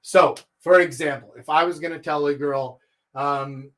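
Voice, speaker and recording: At a normal speed, a man from Texas who is thirty or older delivers a blunt, animated dating coaching talk over a live stream. He shifts his pitch and volume widely to make his points.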